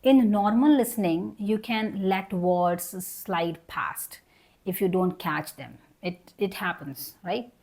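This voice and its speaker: A woman's voice: mid-range voice, slow, darkish tone. A young adult woman teaching an online English lesson. She explains each point patiently, repeats herself and models example sentences.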